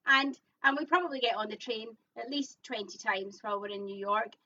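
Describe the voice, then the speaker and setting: Giggly woman co-host, high and bright, distant lo-fi mic. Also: a little fast, slight background noise. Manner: giggly, teasing, repeats her own jokes. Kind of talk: casual live-stream banter. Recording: distant, dull lo-fi sound.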